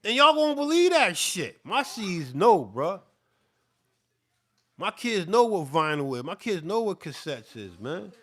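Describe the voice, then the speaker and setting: A man's voice: high voice, sing-song, measured pace. A middle-aged man ranting off the cuff to camera, profane and repetitive, sweating and worked up. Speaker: beatmaker. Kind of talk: heated off-the-cuff rant to camera.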